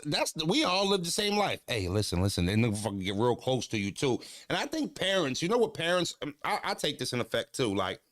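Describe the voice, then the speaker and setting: A man tells stories in an easygoing, profane way, laughing often. His pitch swoops up and down a lot as he talks. The sound is dry and close, with no room echo. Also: a bit bright. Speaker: streamer. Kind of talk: casual chat.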